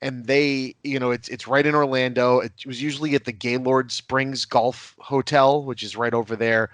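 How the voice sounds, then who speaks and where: A man's voice: mid-range voice, steady tone, normal speed, fairly bright tone, dry recording. A man who is a podcast guest telling rambling, casual anecdotes and laughing at his own stories.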